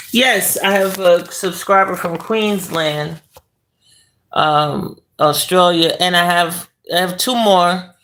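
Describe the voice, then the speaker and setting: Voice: medium pitch, vocal fry, bright, forceful tone, slight background noise. A livestream host lying in bed in a bedroom, chatting casually and rambling with the viewers' chat and laughing often.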